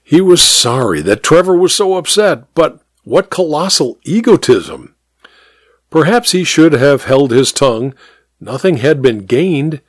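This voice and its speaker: A man narrating a mystery story in a measured, expressive reading. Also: mid-range voice, no echo, clean studio sound.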